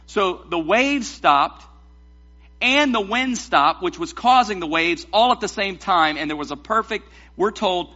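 Animated man preaching a sermon. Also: high voice, muffled recording. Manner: animated, joking asides to the congregation. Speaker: pastor.

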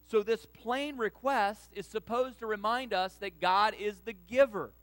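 A man with a high-pitched voice preaching to his congregation. He builds to loud, stressed phrases and then drops back to a calmer teaching tone. At times he asks the listeners to say a line with him. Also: poor audio. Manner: asks the congregation to repeat lines. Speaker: pastor. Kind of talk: sermon.

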